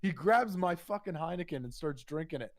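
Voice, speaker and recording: A young man co-hosting a podcast, telling a rambling, profane story and getting animated when he quotes himself. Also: on the high side, fairly quick. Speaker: podcast co-host. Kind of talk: casual storytelling.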